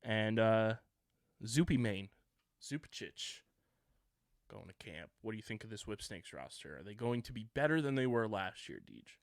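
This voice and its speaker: A man's voice: on the low side, lively intonation, normal speed, no echo, clean studio sound. Young man rambling through sports talk. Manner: rambling, lists names with fillers. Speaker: podcast co-host. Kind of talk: casual sports chat.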